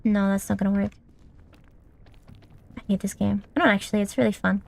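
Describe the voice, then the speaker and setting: A woman's voice: medium pitch, level tone, a little fast, gravelly. A young woman streamer giving casual gameplay commentary, swearing often and scolding the game character.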